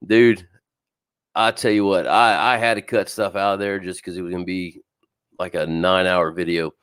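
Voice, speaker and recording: A man's voice: deep voice, steady tone, moderate pace, a bit bright, clear, resonant tone. A man hosting a live fishing show, chatting casually, greeting viewers by name and laughing often, with an occasional wheeze. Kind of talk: casual live-stream chat. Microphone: streaming setup, talking to camera.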